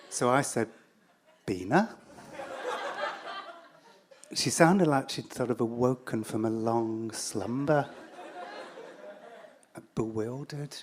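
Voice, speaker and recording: An English man telling a true story on stage in a wry, self-deprecating way, halting with fillers and restarts. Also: mid-range voice, a faint crowd, a little hiss or hum. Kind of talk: live storytelling.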